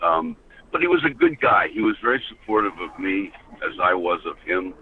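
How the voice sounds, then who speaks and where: A man's voice: sits low, huge pitch swings, moderate pace, vocal fry. An older American man and former hockey enforcer, telling rambling stories as a podcast guest, often saying "you know". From United States. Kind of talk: casual storytelling. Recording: tinny phone line with faint hiss.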